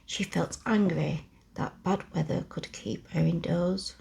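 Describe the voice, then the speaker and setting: A woman reads a bedtime story in a breathy, husky whisper as whispered role-play. Her voice sits low and carries a gravelly fry, and she unhurriedly lingers over every phrase close to the mic. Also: fairly even intonation. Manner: slow soft whispered reading. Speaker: ASMR storyteller.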